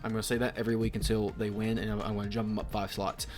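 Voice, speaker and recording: A young man talks through a casual sports vlog in a rambling, profane way. He drops to low mutters, then flares into loud rants. Faint music plays under his voice. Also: flat delivery, very fast. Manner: rambling, profane, swings between mumbling and loud outbursts. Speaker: sports video host.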